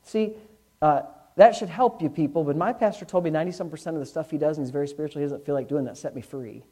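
A man who is a pastor, preaching a sermon to his congregation in church, candid and conversational, swinging from loud bursts to hushed asides. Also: on the high side, fast talker.

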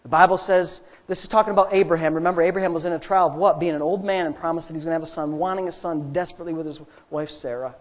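A man preaching a sermon, telling stories quietly and then building to loud, fervent preaching. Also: fairly high pitch, steady tone, very fast, few pauses. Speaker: pastor.

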